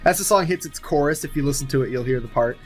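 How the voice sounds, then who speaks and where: A man's voice: a little high, fast, faint music behind. A man casually narrating an imagined film sequel, thinking aloud with many fillers and restarts. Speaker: movie sequel writer.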